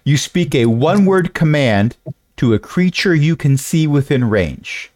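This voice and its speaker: A man as game master of a tabletop game, explaining rules and damage in a lively way. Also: on the high side, measured pace, dry recording.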